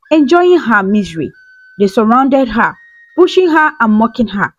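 A woman storyteller narrating a folktale in a calm, earnest scripted way. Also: a little high, lo-fi sound.

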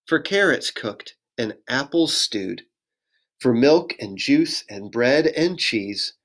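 A pastor reads a children's picture book aloud, unhurried and gentle, his voice rising and falling in a lively sing-song. He pauses often to invite young listeners to join in. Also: mid-range voice. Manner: gentle, sing-song reading with audience prompts.

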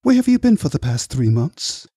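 Guy doing a calculating lady agent in her forties, probing, higher and swoopy, husky. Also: very animated, moderate pace, warm tone, no room sound, clean studio sound. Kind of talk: audiobook character voice.

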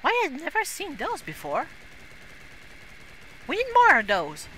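Excitable gamer with bright, lively voice. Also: female voice, sits high, a little slow, slight background noise. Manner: excitable, laughs often, frequent exclamations. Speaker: gaming YouTuber. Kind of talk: casual gameplay commentary.

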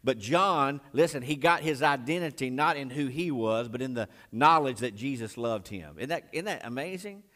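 A male pastor preaching a sermon in a voice of ordinary pitch. He retells a scripture story with strong swings, climbing high and loud, then dropping soft and low. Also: normal speed, hardly any pauses. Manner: expressive preaching, voice rising and dropping sharply while retelling scripture; married.

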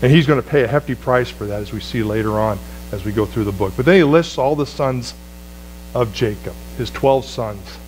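A man preaching a sermon as pastor, swinging from loud, high exclamations to low, quiet phrases. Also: brisk, a little hiss or hum, rough recording.

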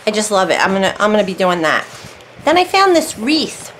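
Woman of middle pitch, chatty and meandering home crafting vlogger, light background hiss. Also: big pitch swings, a little fast, fairly bright tone, low-quality recording. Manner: chatty, rambling, self-interrupting. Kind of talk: casual chat. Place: warm room at home.

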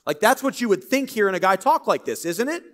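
A man preaching a sermon in a church, reading scripture and breaking into lively, conversational, joking asides. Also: high voice, quick pace. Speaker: pastor.

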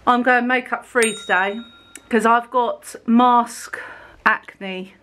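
A woman vlogging to her camera at home in a casual, chatty way, unhurried and with frequent fillers. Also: on the high side, steady tone, fairly bright tone. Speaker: family vlogger. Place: at home and outdoors on a windy, sunny day.

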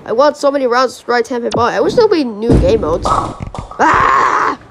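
Excitable young gamer with lively pitch. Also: female voice, quick pace, very noisy. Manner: excitable, yelps and groans at misses; rambling, restarts sentences. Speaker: gaming channel host. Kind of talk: mobile game commentary.

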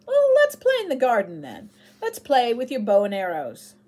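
A woman's voice: on the high side, normal speed, voice pushed up. Woman voicing a scornful young boy. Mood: eager. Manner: lively, then cool and scornful.

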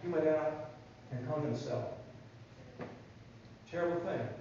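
A man giving a children's sermon in a church, telling a Bible story in an animated way and asking the kids questions. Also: a little high, slow pace, a little hiss or hum. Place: church sanctuary. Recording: echoey church from far off, dull sound.

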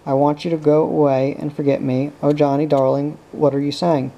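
Francie, a fiercely loving young woman, pleads and insists in a low, gravelly, mellow tone. Her lines come out in an even, level way, as part of a storybook reading, with a man voicing her. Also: brisk, dull audio, natural voice. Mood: dismayed. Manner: pleading, emotional. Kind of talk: audiobook character reading.

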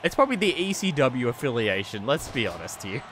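A man giving live stream commentary on a wrestling video game, excitable, swearing and laughing often, swinging between yelling and muttering. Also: mid-range voice, a little fast, slight background noise.

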